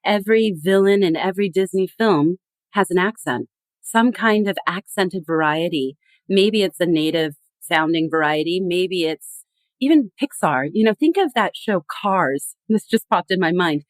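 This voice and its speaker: A woman guest on a podcast, explaining with animated emphasis in a conversational tone. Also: fairly low pitch, normal speed, dry recording. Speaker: guest expert.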